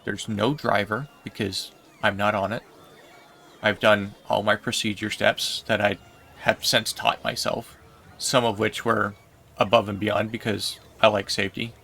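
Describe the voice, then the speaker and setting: A man livestreaming while gaming, telling a long story in a rambling, unhurried way with lots of fillers. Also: on the low side, flat delivery, creaky, bright, forceful tone, a little hiss or hum.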